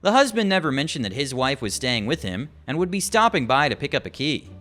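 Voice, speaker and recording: A man narrating online stories aloud in a lively storytelling manner. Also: mid-range voice, fairly quick, faint music behind.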